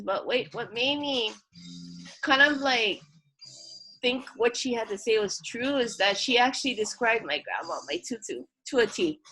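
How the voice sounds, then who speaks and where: A woman's voice: fairly high pitch, rough recording. A woman from Hawaii, a tattoo artist, telling stories in a casual interview, acting out what people said. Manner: animated, acts out quoted voices, laughs often.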